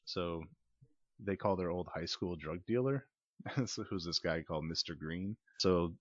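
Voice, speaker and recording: Low-voiced man rambling through a movie recap. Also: unhurried, no room sound, muffled recording. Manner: rambling, filler-heavy retelling with quoted asides. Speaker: podcast movie reviewer.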